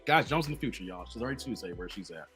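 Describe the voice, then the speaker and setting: A man's voice: fairly low pitch, animated, racing, fairly bright tone, faint music behind. A man hosting a casual live stream, joking around, laughing often and reading viewer comments aloud. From Chicago.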